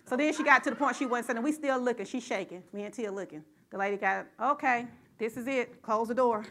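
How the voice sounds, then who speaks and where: A high, bright-voiced middle-aged woman preaches a sermon. She draws the congregation in with call and response, tells a story from her own life, and climbs into loud shouts. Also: fast talker, slight background noise.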